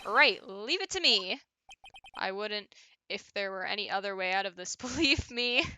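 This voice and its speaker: A woman voicing a brash, lonely young male witness, talking loud, defensive and slangy while reading a game's dialogue aloud. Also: mid-range voice, expressive, normal speed, smooth, dry recording.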